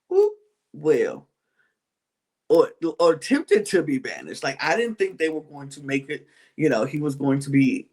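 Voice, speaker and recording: A man's voice: a little high, breathy edge. A man co-hosting a podcast in a casual chat, retelling events with lots of "like" and "you know". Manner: animated retelling, acting out other people's lines; frequent fillers like "like" and "you know". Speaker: podcast co-host recapping a reality show.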